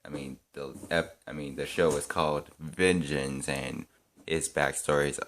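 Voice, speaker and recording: A man giving his casual opinions as a fan reviewer, talking in halting bits full of restarts and fillers, thinking aloud. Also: extremely low pitch, fairly bright tone.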